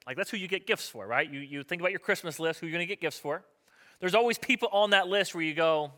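A man's voice: high-pitched, fast talker, pushed and bright. A man, a pastor, preaching a sermon in a conversational, joking way, acting out the voices of people in the story.

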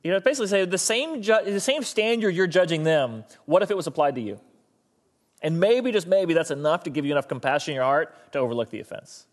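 A man's voice: a little high, animated, fast talker. A man preaching a sermon in a conversational way, acting out quotes from people in the stories he tells. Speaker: pastor.

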